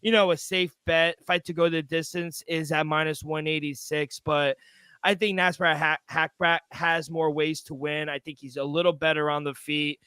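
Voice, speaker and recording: A man co-hosting a podcast, talking fights in an excitable, casual way, swearing and stumbling over repeated words. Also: on the high side, normal speed, smooth, dry recording. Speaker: podcast co-host. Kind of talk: casual sports betting chat.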